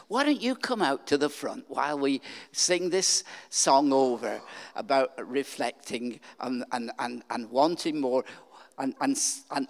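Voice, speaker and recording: An older man delivers a sermon at a slow, unhurried pace. He stops and restarts often as he feels his way through each thought. His voice carries a long reverb from a church hall. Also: medium pitch. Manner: unhurried, halting, with many restarts. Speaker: preacher. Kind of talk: sermon with altar call.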